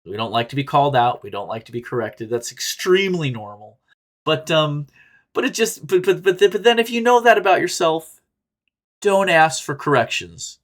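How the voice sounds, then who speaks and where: A man's voice: a little high, normal speed. A man hosting a casual podcast, reading listener posts and giving candid, rambling advice with plenty of swearing and laughter. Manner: animated, jumps between loud bursts and quiet asides. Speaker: podcast host reading and answering reader stories.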